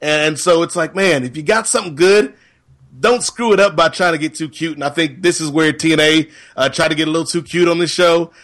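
A man's voice: on the high side, fairly quick, fairly bright tone. A man co-hosting a podcast, giving his opinion in a thoughtful, conversational way. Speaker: podcast co-host. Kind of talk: casual chat.

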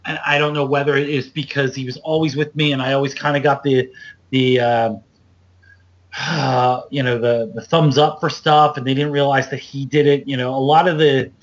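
A man hosting a podcast, telling wrestling road stories in a loose, animated way and acting out other people's lines. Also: moderate pace. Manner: animated, loose storyteller, acts out quotes with big jumps up in pitch. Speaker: podcast host. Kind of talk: casual storytelling chat. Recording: dull lo-fi podcast audio.

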